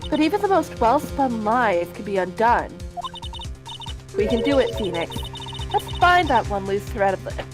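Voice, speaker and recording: A woman voicing a calm, confident woman lawyer who mentors, reading game lines in a steady, encouraging way. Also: a little high, unhurried, music in the background. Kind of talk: reading game dialogue aloud.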